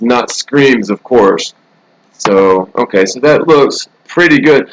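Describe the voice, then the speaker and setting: Male live streamer, casual and rambling, sarcastic asides, mid-pitched voice, recorded on a laptop mic in a hotel room. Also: slow, rough recording.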